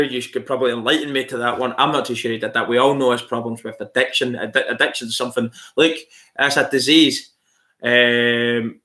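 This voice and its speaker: A man's voice: medium pitch, fairly bright tone. Blunt, swearing man chatting with viewers. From outside Australia. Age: adult, married. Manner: blunt and swears freely, talks to viewers as "mate". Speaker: channel host answering viewer comments. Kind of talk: casual live-stream chat.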